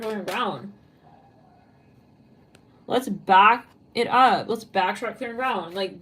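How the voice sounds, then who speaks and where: A woman's voice: a little high, distant mic, slight background noise, low-quality recording. A woman giving a psychic tarot reading, blunt and rambling, swearing freely and voicing what she is picking up. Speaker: tarot reader.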